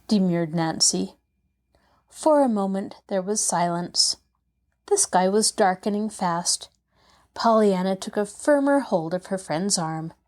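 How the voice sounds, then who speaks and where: A woman hosting and narrating an audiobook story in an expressive, measured reading. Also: medium pitch, no echo, clean studio sound. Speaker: host and narrator.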